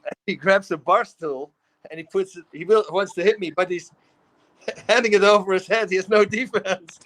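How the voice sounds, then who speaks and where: A middle-aged man with a Dutch accent, telling animated stories in a casual talk show. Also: sits high, normal speed, rough recording. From Netherlands. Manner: animated storytelling, acts out quotes, laughs often. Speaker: guest. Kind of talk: casual storytelling.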